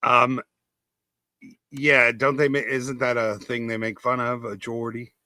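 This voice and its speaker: An older man from the United States talks in a podcast chat with a bright, forward voice. He is wry and pokes fun at himself. The sound is dry and close. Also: medium pitch, little pitch movement, measured pace, no echo. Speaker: podcast co-host. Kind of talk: casual chat.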